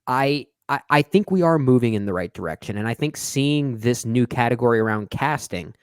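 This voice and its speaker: A man's voice: mid-range voice, lively intonation, brisk, clear, resonant tone, no room sound. Man in a dry, casual film chat. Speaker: film podcast co-host.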